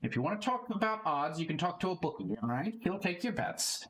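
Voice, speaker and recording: A man's voice: high-pitched, sing-song, brisk, a bit bright, slight background noise, voice pushed up. A man voicing a friendly, folksy male halfling bar regular who talks plainly about horse races.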